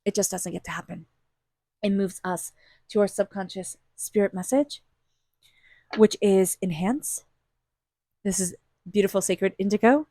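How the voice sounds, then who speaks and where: A woman's voice: medium pitch, fairly even intonation, unhurried, long pauses, warm tone, no echo, clean studio sound. A woman giving an intuitive tarot reading, talking in an earnest, repetitive and emphatic way, full of spiritual encouragement. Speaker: tarot reader.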